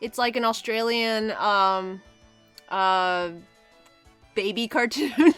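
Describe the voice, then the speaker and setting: A woman's voice: on the high side, slow, clean tone, dry recording, faint music behind. A woman streamer chatting casually and giggling often while she plays a game. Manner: giggly and animated, with frequent laughs.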